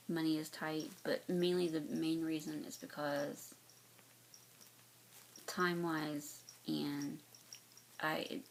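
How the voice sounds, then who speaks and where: Rambling woman vlogger with a mild Southern accent, slightly low and gravelly voice, faint hiss behind. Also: poor audio. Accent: light North Carolina Southern. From North Carolina, US Southeast. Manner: rambling, many fillers and restarts. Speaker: cross-stitch vlogger. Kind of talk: casual chat to camera.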